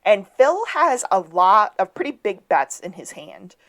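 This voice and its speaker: A woman co-hosts a podcast and walks through a TV episode scene by scene. Her pitch sits in the middle range and her delivery is casual and chatty. Now and then she briefly acts out lines from the show. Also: big pitch swings, measured pace. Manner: retells scenes, acting out quoted lines. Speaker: podcast co-host. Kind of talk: casual episode recap chat.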